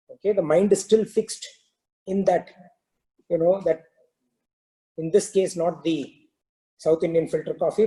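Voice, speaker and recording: A man telling a parable during a spiritual talk, in a relaxed storytelling manner with many "you know" fillers. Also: sits high, poor audio. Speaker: spiritual discourse teacher.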